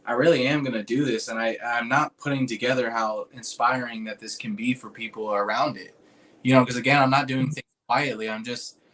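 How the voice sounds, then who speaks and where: Man, casual storyteller, rambling, slangy, cursing, earnest, mid-pitched voice. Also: fairly even intonation, fairly quick, a bit bright. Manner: rambling and informal, heavy on "like" and "dude", swears freely; earnest and emotional when recalling a moving moment.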